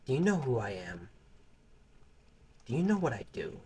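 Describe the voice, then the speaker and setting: A man's voice: medium pitch, big pitch swings, moderate pace, dark tone, slight background noise. A man giving casual, crude, rambling gameplay commentary, joking with the game characters. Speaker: gaming channel host.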